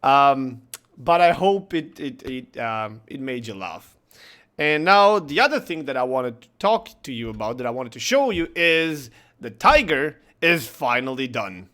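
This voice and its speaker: Slow-talking man telling a story. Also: medium pitch, very animated, sharp tone. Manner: chatty, laughs through his story. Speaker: gaming channel host. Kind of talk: casual vlog storytelling.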